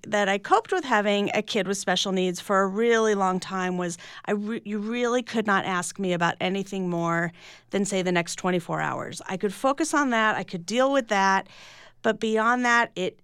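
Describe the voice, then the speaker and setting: A woman's voice: medium pitch, normal speed, fairly bright tone, clear, resonant tone, no room sound, clean studio sound. A middle-aged woman, an author talking candidly and reflectively in a radio interview, often restarting her sentences. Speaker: author and guest.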